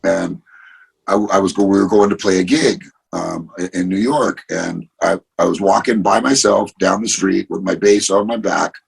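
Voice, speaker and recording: A man with a low, gravelly and deeply raspy voice, talking as a guest in a loose, casual chat. He tells stories with animation and swears freely. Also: low-quality recording. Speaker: interview guest.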